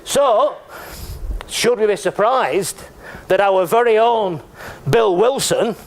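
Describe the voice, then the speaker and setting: A man's voice: high-pitched, slow pace, creaky. A man giving a conference talk in a chatty, joking way, often checking in with the audience. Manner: chatty and joking, with frequent tag questions. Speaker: conference speaker. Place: lecture room.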